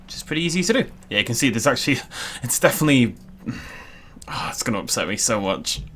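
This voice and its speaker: A man's voice: medium pitch, sing-song, fast talker, fairly bright tone, slightly rough. A young man giving casual, jokey let's-play commentary as he builds in a game. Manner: chatty, self-deprecating, jokey asides. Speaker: gaming YouTuber.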